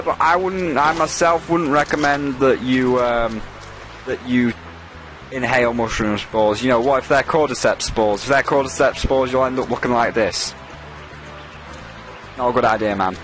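A man commentating casually over a video game in a rambling, jokey way, cursing freely at the game. His voice sits at an average pitch, and faint game music plays underneath. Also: normal speed, fairly bright tone. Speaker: let's play host.

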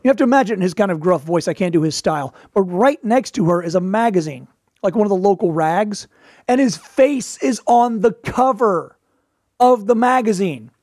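Wry high-voiced man giving showbiz advice. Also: darkish tone, no echo, studio quality. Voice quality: conversational, wry storytelling. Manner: quick asides and playful put-on voices for quotes. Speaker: podcast host, performer. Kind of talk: casual advice talk.

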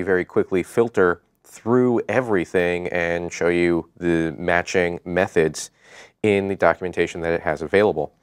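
A man's voice: deep voice, clean tone, no room sound, clean studio sound. A man co-hosting a web development show, talking through tools in an enthusiastic, conversational way. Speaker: co-host. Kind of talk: casual tech show chat.

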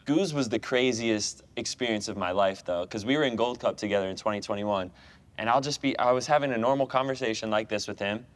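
A man's voice: lowish voice, a little fast. Laughing American man telling a story. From United States. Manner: animated storyteller, laughs often, many fillers. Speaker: guest, professional goalkeeper. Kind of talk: casual chat.

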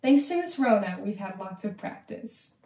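A woman's voice: mid-range voice, animated, moderate pace, mellow. A young woman giving an earnest graduation speech as senior class historian, with touches of light humor. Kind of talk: ceremony speech. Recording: echoey room.

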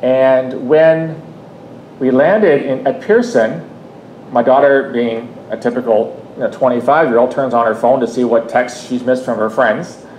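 A man's voice: measured pace, a little mellow. A Canadian man in his fifties giving a public talk, telling a personal story in a conversational way with frequent restarts and asides. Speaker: guest speaker. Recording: echoey room, faint rumble.

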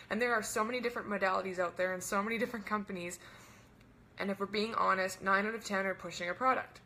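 A young woman hosting a webinar as a wellness coach, talking fast and bubbly in a casual chat full of "like" and "right?". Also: mid-range voice, sharp tone, slight background noise.

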